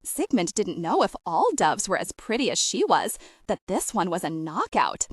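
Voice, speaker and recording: A woman narrating a gentle, humorous audiobook story with expressive storytelling. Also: lowish voice, moderate pace, slightly rough, no echo, studio quality.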